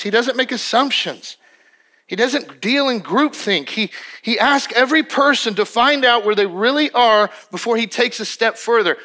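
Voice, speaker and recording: A man's voice: high-pitched, animated, moderate pace, pushed and bright. A male pastor preaching a sermon in an emphatic, conversational way, often restarting his sentences.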